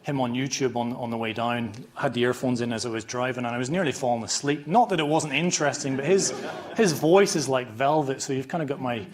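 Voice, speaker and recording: Northern Irish man, scratchy voice, mid pitch, casual self-deprecating lecturer who trips over his words. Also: fairly quick. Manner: informal, self-deprecating, many restarts. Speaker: conference speaker, chiropractor. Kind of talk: academic conference lecture. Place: lecture hall.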